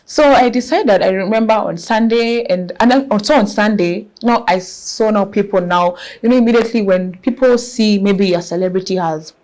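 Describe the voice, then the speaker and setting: A young Kenyan woman with a Kenyan accent, telling her story in a lively, expressive way in a casual interview. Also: mid-range voice, normal speed, hardly any pauses. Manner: lively and expressive, mixes in Swahili words. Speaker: guest entrepreneur.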